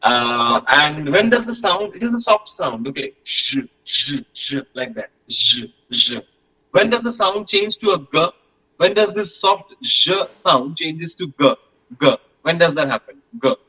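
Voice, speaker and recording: A man's voice: a little high, animated, normal speed, pushed and bright, rough recording. A man teaching a French class, patiently repeating questions and sounds with many hesitations.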